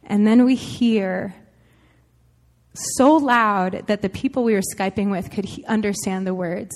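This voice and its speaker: A woman's voice: medium pitch, unhurried, a little mellow. A woman telling a church audience a story about her daughter, laughing often and speaking with emotion. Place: large church hall. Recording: echoey hall with long reverb.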